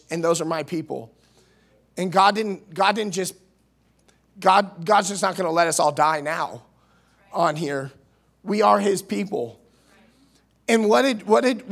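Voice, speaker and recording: A man from Missouri preaching a sermon as youth minister, earnest, restarting words, swinging between loud and soft. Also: high voice, vocal fry. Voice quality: nasal at times. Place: church.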